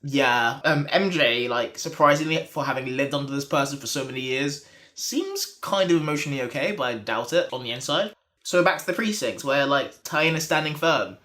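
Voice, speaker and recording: A man's voice: mid-range voice, lively intonation, moderate pace, pushed and bright. A man co-hosting a podcast, recapping a cartoon episode in casual chat, joking and swearing. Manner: swearing, joking, acting out quotes. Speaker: podcast co-host.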